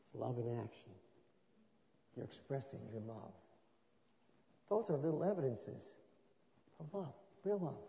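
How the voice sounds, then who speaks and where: A man's voice: animated, creaky. Man preaching in a reverberant hall. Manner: swings from soft and low to loud, drawn-out emphasis. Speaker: pastor. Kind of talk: sermon. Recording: long reverb of a large hall.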